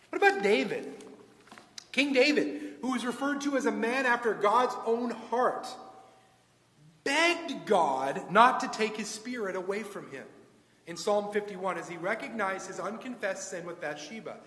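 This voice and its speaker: High-voiced male preacher in an echoey hall. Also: expressive, unhurried. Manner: swings from loud emphatic points to quiet hushed asides; asks the congregation rhetorical questions. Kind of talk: sermon. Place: church sanctuary. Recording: echoey church hall, long reverb.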